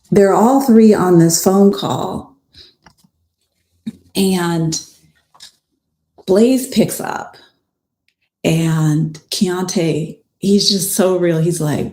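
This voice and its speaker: Female attorney-host, low and unhurried, plainspoken storyteller, recorded in an echoey room. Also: dark tone. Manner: chatty and plainspoken, with frank personal asides. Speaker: family law attorney and podcast host. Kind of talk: casual storytelling recap of a trial.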